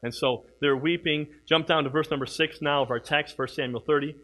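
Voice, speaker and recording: A middle-aged man preaching a sermon, swinging from hushed, slow passages to loud, emphatic ones. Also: fairly high pitch, steady tone, rough recording. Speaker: pastor.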